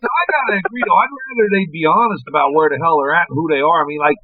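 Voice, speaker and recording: A man's voice: a little high, rapid-fire, dry recording, narrow, tinny audio. A man playing a tabletop game over a video call, joking and swearing playfully. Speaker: player.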